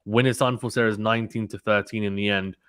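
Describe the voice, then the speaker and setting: A man giving casual live play-by-play tennis commentary and reading out viewer chat, in a brisk, chatty manner with frequent ums and restarts. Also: on the low side, fairly even intonation, a bit bright, clear, resonant tone, dry recording, studio quality.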